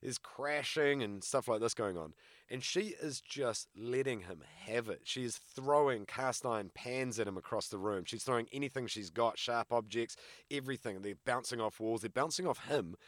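A man chatting casually on a podcast, telling stories and jumping into high-pitched voices for the people he quotes. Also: normal speed, no room sound, studio quality. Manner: animated storyteller, jumps into high quoted voices. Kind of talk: casual chat, storytelling.

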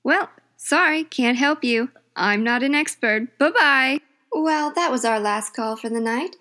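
A woman hosting a comedy cat call-in radio skit, with a cheery, brisk mock-broadcaster manner. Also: high-pitched, expressive, sharp tone. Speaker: host.

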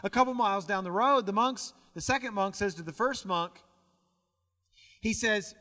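A man with a rather high voice preaches a sermon, telling stories and often doubling words as he goes. His voice rings out with a long reverb from a church sanctuary. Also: normal speed, pushed and bright. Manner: storytelling, repeats words as he goes. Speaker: pastor.

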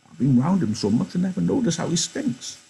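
A man's voice: sing-song, fairly quick, vocal fry, warm tone, a little hiss or hum. A man doing a quavering old ranch hand. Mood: complaining. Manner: high, quavering, stammering old voice. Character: frail old male ranch swamper, timid and pleading. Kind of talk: reading a novel aloud in class.

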